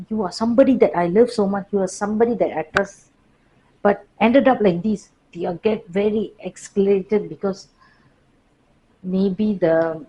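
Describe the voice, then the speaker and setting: A woman teaching a workplace class, lively but slowing for deliberate emphasis. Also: lowish voice, slight background noise, low-quality recording. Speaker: workplace trainer. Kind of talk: classroom lecture.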